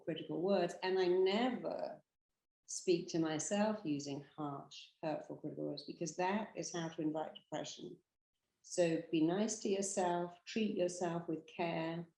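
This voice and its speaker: A British woman delivers a motivational talk with emphatic, animated energy. She acts out the quotes she tells in her stories. Her voice sits a little low, and the room gives it a noticeable echo. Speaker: therapist and hypnotherapist.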